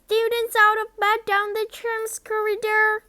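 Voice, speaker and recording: A gleeful male poltergeist who taunts and cackles at the top of his voice, as a woman reading a storybook puts him on. His voice sits high and he talks slowly. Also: lively intonation, no room sound. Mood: bellowing. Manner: taunting, loud, shrieking cackle.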